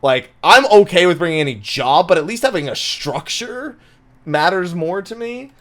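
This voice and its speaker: A man hosting a casual gaming podcast, talking in an animated way, swearing and laughing often. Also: sits high, normal speed. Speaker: podcast host.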